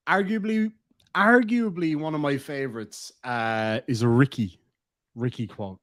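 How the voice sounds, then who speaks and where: A man's voice: mid-range voice, a little slow, fairly bright tone, no room sound, studio quality. An Irish man casually chatting to his live-stream audience, laughing often and swearing freely. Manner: profane, laughing, quoting lines.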